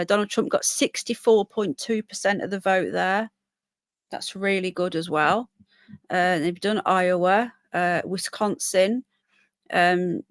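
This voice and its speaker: A woman's voice: mid-range voice, no room sound. A British woman hosting a casual live stream, chatting at length and reading figures aloud with plenty of fillers. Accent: British English. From Britain. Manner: chatty, rambling, reads results aloud with many fillers. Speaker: livestream host.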